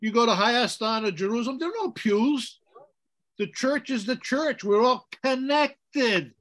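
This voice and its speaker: A man, a priest, leading an informal Bible study, animated as he chants liturgical phrases and quizzes the group. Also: extremely high pitch, a little slow.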